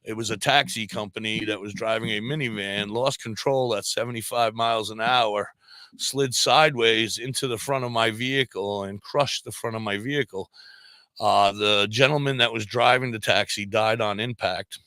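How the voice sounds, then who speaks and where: A man on a podcast spins a story in a casual, lively way, slipping into the voices of the people he describes. His voice is bright and forward. The sound is dry and close, with no room around it. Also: lowish voice, normal speed, no room sound. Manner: animated storyteller who acts out quoted voices. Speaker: podcast guest; volunteer fire police.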